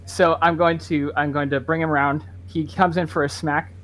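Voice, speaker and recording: A man's voice: on the high side, level tone, moderate pace, a bit bright. Man, tabletop player, hesitant, many fillers, in-character talk.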